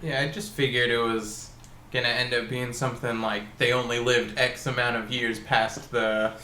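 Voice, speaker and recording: Man, podcast co-host, bright tone, echoey room, easygoing dry chat. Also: medium pitch, level tone, normal speed, slight background noise. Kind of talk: casual review chat.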